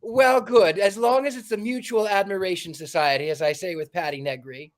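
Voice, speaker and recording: A man's voice: high voice, steady tone, fairly quick. Theatrical man hosting a livestream. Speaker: livestream host. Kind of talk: livestream chat and storybook reading.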